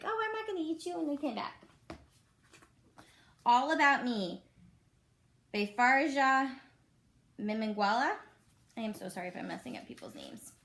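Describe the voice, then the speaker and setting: A woman teacher reading children's books aloud slowly and expressively, adding chatty comments between pages. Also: fairly high pitch, a bit bright, a little hiss or hum. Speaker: elementary school teacher.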